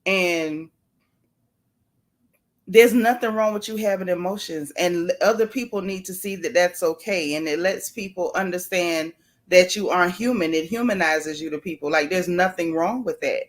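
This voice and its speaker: A woman's voice: fairly low pitch, normal speed. A woman hosting a casual livestream, chatting and greeting viewers by name with folksy asides. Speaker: YouTube livestream host.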